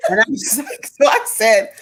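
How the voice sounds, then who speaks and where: Animated woman host telling stories. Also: mid-range voice, brisk. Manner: animated storyteller, acts out her father's lines. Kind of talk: casual live-stream interview.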